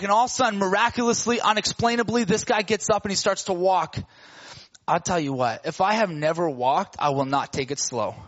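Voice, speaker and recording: A man preaching a sermon, retelling a story with lively casual slang and acting out the characters' voices. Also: sits high, a little fast, highs cut off.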